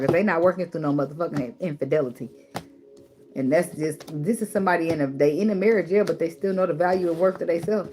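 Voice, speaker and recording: A tarot reader with a low-sitting voice delivers a casual spiritual advice monologue over background noise. She's blunt and preachy, swears freely, and repeats words for emphasis.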